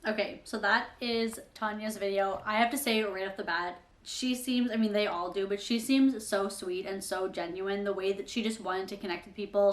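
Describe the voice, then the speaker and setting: A woman hosting a commentary channel, recapping a clip in a casual, measured, sympathetic way. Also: mid-range voice, echoey room. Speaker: YouTube commentary host.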